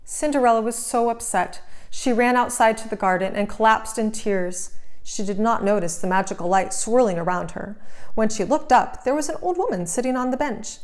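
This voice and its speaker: A woman narrating a children's storybook aloud, clear, gentle and expressive. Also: a little high, normal speed.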